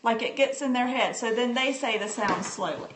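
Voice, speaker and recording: A homeschooling mother with a fairly high, fairly bright voice shows off a reading book on a casual live stream, talking at a normal speed, chatting and responding to viewers' comments with plenty of fillers. The room is echoey, with faint background noise.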